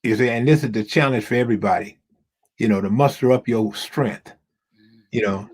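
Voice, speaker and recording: A man's voice: medium pitch, moderate pace, darkish tone, slightly rough. A man talking casually over a video call, emphatic and repetitive, like a preacher. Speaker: guest. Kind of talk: casual chat.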